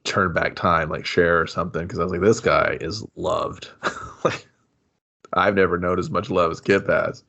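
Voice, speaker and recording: A man's voice: flat delivery, normal speed. A man co-hosting a podcast, joking through a movie recap and acting out characters in exaggerated voices. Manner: joking, acts out characters with loud squeaky voices. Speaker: podcast co-host. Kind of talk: casual movie review chat.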